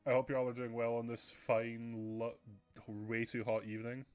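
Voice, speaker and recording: In a casual livestream from home, a young man with a runny nose rambles along with his viewers, laughing often. He speaks in a medium-pitched, monotone, slightly mellow voice at a moderate pace, over faint background music.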